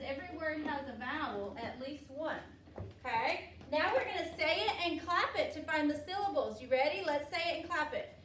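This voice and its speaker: A woman teacher leading a classroom phonics lesson, upbeat and patient, drawing words out slowly for the children. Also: high voice, fairly bright tone, a little hiss or hum. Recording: echoey classroom from far off.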